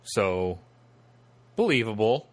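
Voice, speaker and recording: Wry, low-voiced man on a podcast. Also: very animated, takes it slowly. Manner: wry, sarcastic asides. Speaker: podcast co-host telling a story. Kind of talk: casual podcast chat, reading excerpts aloud.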